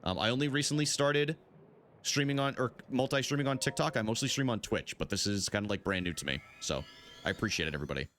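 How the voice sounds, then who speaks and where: A man's voice: medium pitch, fast, fairly bright tone, a little hiss or hum. A young man chatting casually with his live-stream chat while playing, swearing freely.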